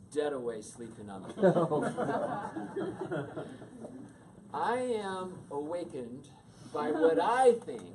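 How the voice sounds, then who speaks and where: Animated man telling a story. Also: fairly high pitch. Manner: animated, acts out the voices in his stories. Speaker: speaker. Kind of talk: storytelling talk to an audience. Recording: distant mic with steady noise.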